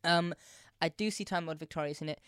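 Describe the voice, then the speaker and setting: A woman's voice: sits low, fairly quick, a bit bright, clean tone, no echo, clean studio sound. A woman co-hosting a podcast in casual chat, often laughing and mimicking scenes. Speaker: podcast co-host.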